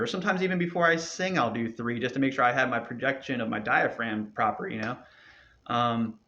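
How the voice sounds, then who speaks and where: A man's voice: mid-range voice, a bit bright, slight background noise. A man teaching a chanting practice, talking loosely and encouragingly, with many fillers and restarts. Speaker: meditation teacher. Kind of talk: casual spoken instruction. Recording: dull lo-fi sound.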